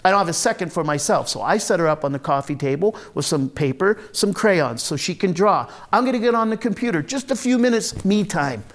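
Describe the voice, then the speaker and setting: A man with a slightly high-set voice tells his own story on a theatre stage. His delivery is wry and confessional, plainspoken and salted with swearing. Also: lively intonation, fairly quick, few pauses. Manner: wry, confessional, blunt and profane. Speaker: solo stage performer. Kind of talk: autobiographical one-man show monologue.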